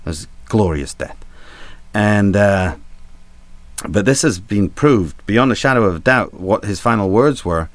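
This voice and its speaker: A man's voice: fairly low pitch, lively intonation, measured pace, no echo. A man, a ship's captain, telling a rambling, comic history story full of asides and swearing. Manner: rambling, chuckling, swearing for laughs. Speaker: cruise ship captain telling stories.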